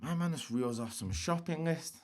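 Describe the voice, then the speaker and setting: A man's voice: fairly high pitch, animated, moderate pace. A man, a guest telling street stories in a slangy, swearing style and acting out quotes. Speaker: interview guest. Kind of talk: casual storytelling.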